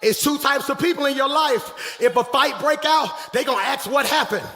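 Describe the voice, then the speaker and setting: A man preaching a sermon as pastor, swinging between shouted calls and quiet, hushed storytelling. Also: very high voice, normal speed, creaky, in a large hall. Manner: preaching in Black church style, shouting and dropping to a hush.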